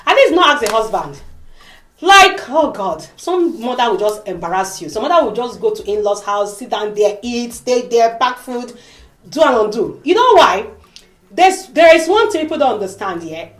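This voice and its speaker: A woman talks straight to camera in a casual vlog. Her fairly high voice swings up and down with lively emphasis. The room around her is echoey. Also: normal speed. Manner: animated, emphatic, acts out quoted voices. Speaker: vlogger. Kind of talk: emotional casual vlog monologue.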